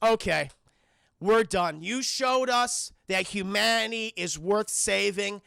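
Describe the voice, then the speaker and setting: A man voicing the plants and the wind in a slow, grand, mock-solemn pronouncement. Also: sits high, creaky, sharp tone, smooth, no room sound, exaggerated voice.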